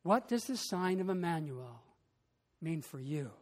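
A pastor preaching a sermon with a slow, deliberate delivery, rising in emphasis on key phrases. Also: medium pitch, animated, in a large hall.

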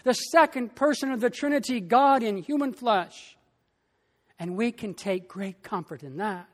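Slow emphatic pastor in a reverberant hall. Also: medium pitch. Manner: slow, emphatic preaching with long pauses. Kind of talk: sermon.

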